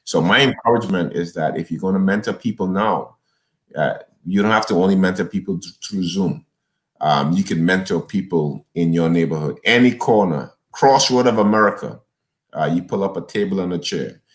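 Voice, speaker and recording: A man's voice: deep voice, normal speed. A man, a pastor, talking in an interview in a preacherly, urging way, often repeating and restarting words. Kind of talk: conversational interview, exhorting.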